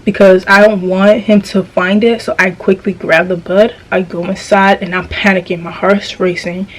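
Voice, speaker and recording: A woman's voice: mid-range voice, level tone, normal speed, low-quality recording. A young woman vlogger telling a dream story in a casual, slangy, profane way, often restarting her sentences.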